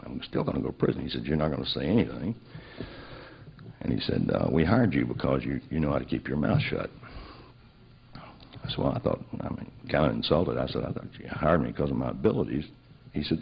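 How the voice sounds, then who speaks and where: A man's voice: a bass voice, very animated, fairly quick, gravelly, long pauses, breathy edge. A man telling a personal story, acting out both sides of remembered conversations. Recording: dull lo-fi recording.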